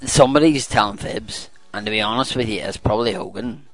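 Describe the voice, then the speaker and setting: Male co-host, gravelly voice, jokey banter, faint music behind. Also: lowish voice, fairly quick, no room sound. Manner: joking, teasing banter. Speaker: podcast co-host. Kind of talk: casual chat.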